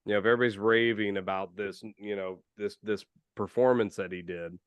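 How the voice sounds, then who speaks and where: A man's voice: fairly low pitch, fairly even intonation, fairly quick, clear, resonant tone, dry recording. A man from Iowa, co-hosting a casual podcast chat and telling a rambling, chatty story. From Iowa, USA. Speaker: podcast co-host.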